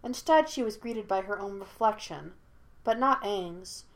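A woman narrating a fan story in an even, steady storytelling voice. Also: medium pitch, a little slow. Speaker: audiobook reader.

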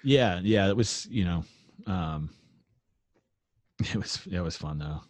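A man's voice: low voice, lively intonation, slow pace, dry recording. A man, a touring musician, telling a long rambling story in casual chat, laid-back and full of fillers and swearing. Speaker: musician guest.

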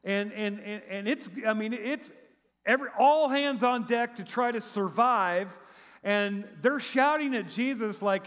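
Middle-aged man, pastor, high voice, chatty sermon, sarcastic asides, long hall reverb. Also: a little slow. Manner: animated and chatty, with sarcastic asides and frequent restarts. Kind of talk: conversational sermon.

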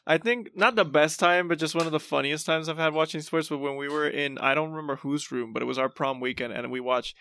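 A man's voice: on the high side, steady tone, fast talker, few pauses, sharp tone, smooth. A man in his twenties telling stories in casual chat, stumbling over restarts and fillers.

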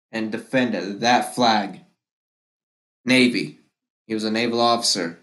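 A man hosting his own podcast. He delivers a political monologue at an unhurried, deliberate pace, hammering the same phrases again and again with combative passion. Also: medium pitch, fairly bright tone. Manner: impassioned, repetitive and combative. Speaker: podcast host.

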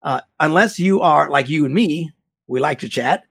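A man giving blunt, animated relationship advice in a casual chat. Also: a little high, normal speed, gravelly, slightly rough.

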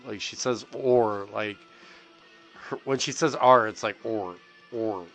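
A man's voice: mid-range voice, fairly even intonation, a little slow, fairly bright tone, soft background music. A middle-aged man telling stories in a rambling, casual way, swearing constantly and filling gaps with "like" and "you know.". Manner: profane, heavy on fillers and restarts.

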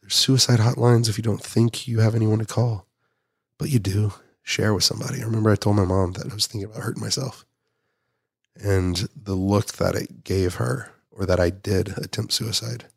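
A man with a lowish, gravelly voice talks with deep earnestness, often dropping soft and quiet. His voice sits close to the mic in a dry, dead studio. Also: fairly even intonation, normal speed, dry recording. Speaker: guest, nonprofit founder. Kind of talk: heartfelt podcast conversation.

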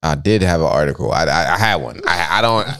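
A young man co-hosting a podcast in casual chat, rambling and animated, jumping up high when he reacts. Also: a little fast, clear, resonant tone. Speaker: podcast co-host.

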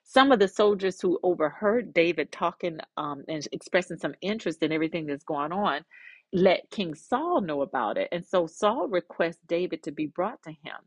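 A woman podcast host narrating a story in a lively, conversational way with asides. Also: fairly low pitch, normal speed, no echo.

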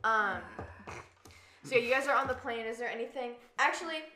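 A woman running a tabletop game as game master, patiently herding rowdy players and asking for calm. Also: a little high, fairly quick. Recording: echoey room with crowd chatter.

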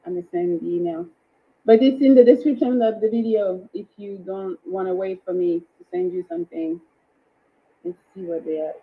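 A woman's voice: mid-range voice, normal speed, husky, narrow, tinny audio. A woman hosting a live dating show, chatting and greeting viewers by name. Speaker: livestream dating show host. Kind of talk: casual livestream hosting.

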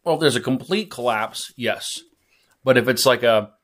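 Male co-host, mid-pitched, measured and hesitant, lots of ums; relaxed casual chat.

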